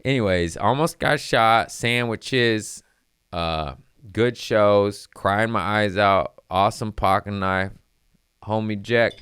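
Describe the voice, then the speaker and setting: A man's voice: fairly low pitch, slow, fairly bright tone, clean tone, no echo, studio quality. A young adult man, a comedian, rambling casually and profanely, laughing between lines.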